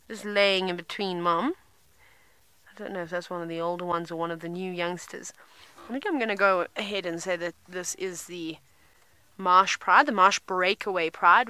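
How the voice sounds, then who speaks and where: Bright-voiced woman safari guide. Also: lowish voice, dry recording. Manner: chatty, informative, thinks aloud. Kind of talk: live safari drive commentary answering viewers. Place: open safari vehicle outdoors.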